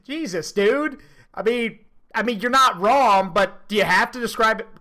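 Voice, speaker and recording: A streamer reacts to a video in a casual, crude and joking way, often thinking out loud. The pitch sits in the middle. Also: normal speed.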